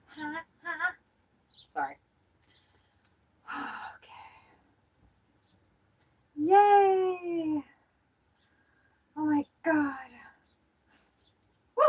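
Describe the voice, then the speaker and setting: Slow-talking chatty woman streamer. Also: high-pitched, huge pitch swings, darkish tone, rough recording. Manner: chatty, playful, giggly. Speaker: birdwatching livestream host. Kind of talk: casual livestream chat. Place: indoors in an RV.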